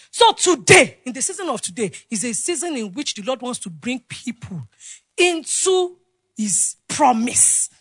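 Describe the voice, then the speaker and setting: A woman preaching a sermon, asking the congregation questions and swinging between loud exclamations and quiet asides. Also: high voice, no echo.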